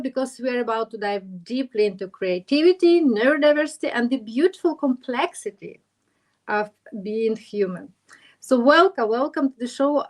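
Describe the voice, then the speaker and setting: A woman hosting a podcast interview, effusive and enthusiastic, speaking as a with halting phrasing. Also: fairly high pitch. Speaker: podcast host.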